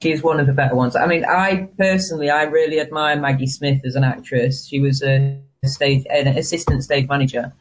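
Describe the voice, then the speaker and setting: A man's voice: medium pitch, fairly even intonation, fairly quick, hardly any pauses, poor audio. A man, a guest chatting casually and animatedly on a live stream, often restarting his sentences. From England.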